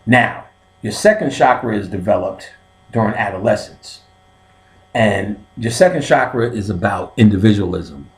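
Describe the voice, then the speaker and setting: A man teaching a comic lecture on spiritual topics, swearing freely and often asking "you know what I'm saying". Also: on the low side. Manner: explains step by step, like a teacher. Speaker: comedic occult class teacher. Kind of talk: stand-up style comedic lecture.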